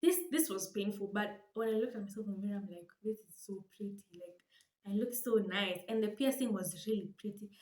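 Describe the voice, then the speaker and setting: A young Kenyan woman telling a dramatic, animated storytime for her vlog, switching languages with laughing asides. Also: medium pitch, brisk, reverberant. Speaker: vlogger.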